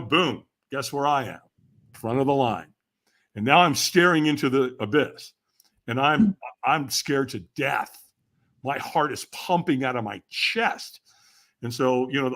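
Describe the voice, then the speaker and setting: A man's voice: fairly high pitch, a bit bright. An older man, a podcast guest, telling a story with energy and acting out the voices of the people in it. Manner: acts out quoted voices, laughs often. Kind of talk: animated storytelling.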